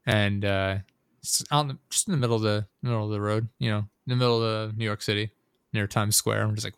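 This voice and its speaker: A man's voice: lowish voice, fairly even intonation, fast, a bit bright, smooth, no room sound. A young man in casual chat, telling a rambling, profane story full of fillers and asides.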